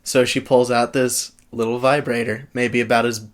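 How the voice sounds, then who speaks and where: A man's voice: mid-range voice, flat delivery, normal speed. A young man co-hosting a podcast, recapping a film's plot in a sardonic, profane way. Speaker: podcast co-host. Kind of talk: casual film recap.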